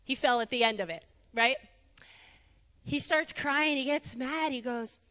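A woman giving a conversational sermon in a church, animated and chatty, laughing easily. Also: sits high, measured pace, in a large hall. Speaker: preacher. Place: church sanctuary.

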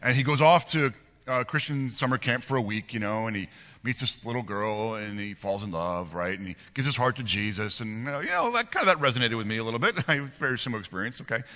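A man in his forties preaching a sermon and telling a personal story, earnest and animated, often restarting and repeating words. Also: medium pitch, fast, in a large hall. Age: 40s. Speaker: pastor.

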